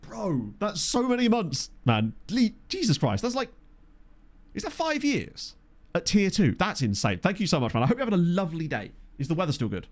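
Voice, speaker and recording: A man from Essex with a soft home counties accent and a slight Essex twang, chatting casually and rambling jokily to viewers during a game stream. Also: high voice, wildly swooping pitch, normal speed. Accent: soft Essex home counties English. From Essex, England. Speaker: streamer playing a management game. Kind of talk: casual live-stream chat.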